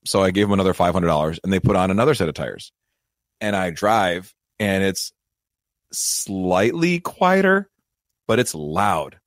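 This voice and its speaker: A man hosting a financial advice show, telling a self-deprecating story in a lively, casual way. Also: sits low, a little fast, no echo, studio quality. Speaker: financial advisor and show host.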